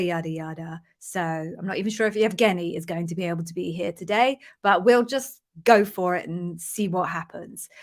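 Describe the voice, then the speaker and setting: An Englishwoman with an English accent hosting a casual livestream from home, chatty and self-deprecating with jokey asides. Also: medium pitch. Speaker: livestream host, interview coach. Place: home near London.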